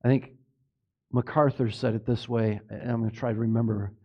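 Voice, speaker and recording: A man's voice: medium pitch, steady tone, fairly quick, lo-fi sound. A male pastor preaching a sermon in an emphatic way, often asking the congregation for an amen. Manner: emphatic, asks the congregation for amens.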